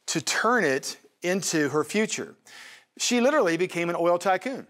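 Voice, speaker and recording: A man's voice: high voice, sing-song, normal speed, a bit bright. Emphatic folksy male TV pastor. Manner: emphatic, folksy preaching with asides to his wife. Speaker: pastor and TV show co-host. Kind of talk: Bible teaching on a TV talk show.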